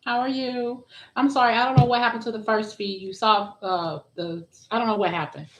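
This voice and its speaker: A woman's voice: a little high, fairly even intonation, brisk, low-quality recording. A woman hosting a live tarot stream, chatting casually and greeting viewers by name, with frequent restarts.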